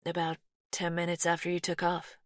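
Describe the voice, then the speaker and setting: A woman voicing a softly spoken, anxious American woman with a gentle but firm twang, in an audiobook. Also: on the low side, monotone, fairly quick, dry recording, clean studio sound, close to an everyday voice.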